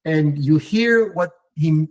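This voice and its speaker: A man teaching an online Torah class, talking in a lively, digressive way with many restarts and fillers and mixing in Hebrew terms. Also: fairly high pitch, takes it slowly. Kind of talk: animated live online lecture answering viewer comments.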